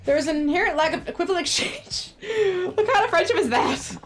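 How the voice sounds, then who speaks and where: Woman gamer, high voice, very lively, playful, joking, casual commentary. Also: fairly quick, few pauses, soft background music. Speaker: streamer. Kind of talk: gameplay commentary.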